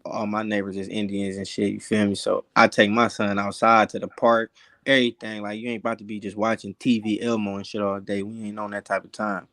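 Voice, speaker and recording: A man's voice: fairly low pitch, level tone, fairly quick, fairly bright tone, dry recording. A young man in casual chat on a podcast, talking bluntly in street slang with heavy cursing. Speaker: podcast panelist.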